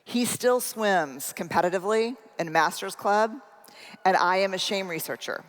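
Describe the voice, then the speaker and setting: A woman's voice: mid-range voice, moderate pace. A middle-aged woman giving a humorous, self-deprecating keynote talk, telling a personal story and speaking directly to the audience in a large conference hall. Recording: long hall reverb.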